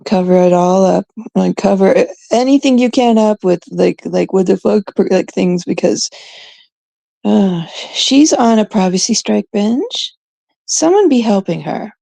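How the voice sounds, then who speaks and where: A woman from Canada talks to her viewers in a loose, rambling chat, slowing down and sometimes dropping to a hush. Her voice is gravelly and mellow. The sound is dry and close, with no room echo. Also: medium pitch. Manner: chatty, rambling, drops into hushed asides. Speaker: streamer chatting with viewers. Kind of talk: casual chat.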